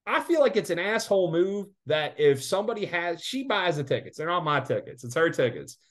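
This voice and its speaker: A man's voice: a little high, sing-song, fairly quick. Profane ranting podcast man. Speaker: podcast co-host. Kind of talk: casual sports betting podcast chat.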